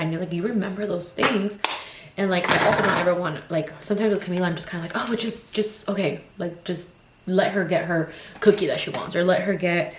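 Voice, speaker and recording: A vlogger in her twenties with two toddlers vents frankly while getting ready, her fairly low voice moving quickly over slight background noise. She rambles, saying "like" and "you know" constantly, in a roomy, echoey space with faint ambience.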